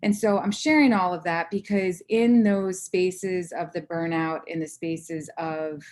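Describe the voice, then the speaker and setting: A woman in her thirties giving a candid personal talk to an audience, acting out her own inner voice in lively bursts. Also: fairly low pitch, measured pace. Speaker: conference speaker.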